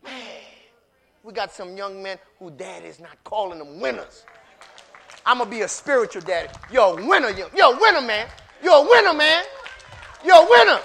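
High-voiced preacher man. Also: sing-song, moderate pace, gravelly. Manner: builds from quiet storytelling to shouted call-and-response preaching; repetitive, casual street talk. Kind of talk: sermon.

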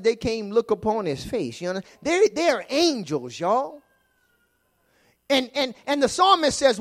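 Male preacher, high and lively voice, shifts between hushed asides and shouted praise. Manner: fervent call-and-response preaching, swings from quiet to shouting. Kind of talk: sermon. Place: church sanctuary.

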